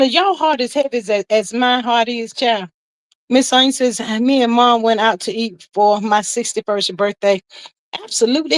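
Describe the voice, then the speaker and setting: A woman's voice: on the high side, no room sound, low-quality recording. A woman hosting a casual livestream, chatty, greeting her chat and reading out messages with Southern slang. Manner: Southern slang, calls everyone child. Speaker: livestream host.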